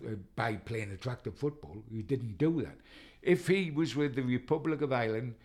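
An older man, telling rambling, animated football stories and mimicking the people he quotes. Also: on the low side. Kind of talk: anecdotal storytelling.

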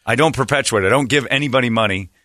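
A man's voice: mid-range voice, quick pace, bright, forceful tone, no echo, studio quality. A man on a casual comedy podcast, telling a rambling self-mocking story and acting out voices.

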